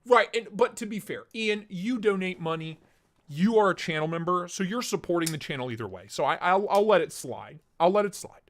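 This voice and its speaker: A young man chats casually on a live stream, his voice run through a voice changer that sits a touch high. He drifts between product talk and replies to chat, loose and easygoing. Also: lively intonation, a little fast. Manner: casual, chatty, reads out chat and laughs.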